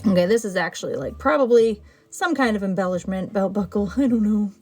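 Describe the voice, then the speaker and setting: A woman's voice: mid-range voice, a little fast. Chatty woman sorting buttons. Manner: chatty, talks to the buttons, excitable. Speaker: button seller sorting her finds on a livestream. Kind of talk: casual livestream chatter. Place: indoor room.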